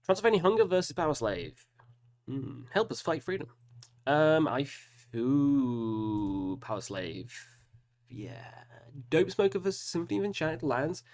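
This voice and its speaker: A man's voice: a little high, very animated, measured pace, a little mellow. A man hosting a casual solo video, talking through music matchups and groaning over hard choices with self-mocking asides. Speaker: metal reaction host. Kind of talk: casual solo commentary while picking albums.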